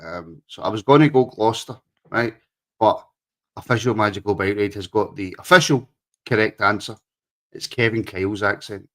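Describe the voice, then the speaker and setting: Casual podcast co-host: man, slightly low voice, chatty and quick to laugh. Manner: chatty, laughs often, reads out viewer comments. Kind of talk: casual chat.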